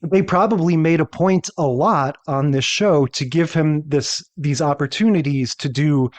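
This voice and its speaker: Chatty man, slightly high voice. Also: a little slow, darkish tone. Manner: rambling, often checks in with "right?". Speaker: podcast co-host. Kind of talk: casual chat.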